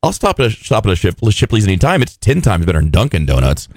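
Male co-host, fairly low and lively voice, wry and jokey, dry close sound. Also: fast, dry recording. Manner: joking, wry asides. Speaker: radio show co-host. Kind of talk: casual chat.

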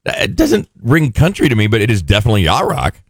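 A man in casual conversation who talks quickly and jokes around. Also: medium pitch, vocal fry, slightly rough, dry recording, clean studio sound. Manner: quick, joking, lively delivery. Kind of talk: casual chat.

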